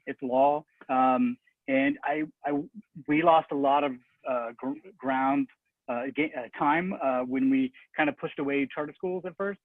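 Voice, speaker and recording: A man's voice: mid-range voice, no echo. A man answering as a school board candidate at a forum, in a casual, conversational way as he searches for words. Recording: tinny phone-like audio.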